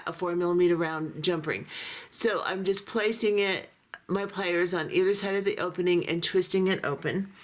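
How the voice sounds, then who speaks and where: Female craft instructor, lowish voice going hoarse, steady and methodical step-by-step delivery. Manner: calm, methodical, talks through each step while working. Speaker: beading instructor.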